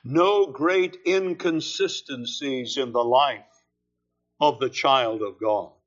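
A man preaching a sermon, slow and deliberate, leaning hard on key words. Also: mid-range voice, lo-fi sound. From California.

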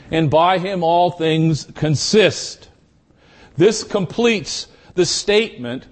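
Slow, measured male Bible teacher. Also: high-pitched. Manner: slow, measured, deliberate phrasing.

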